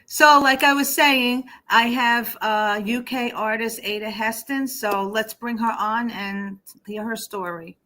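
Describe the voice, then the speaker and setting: A woman's voice: fairly high pitch, steady tone, unhurried, hardly any pauses, sharp tone, a little hiss or hum. A woman with a New Jersey accent hosting a casual online show, chatty and upbeat, with plenty of fillers. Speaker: host.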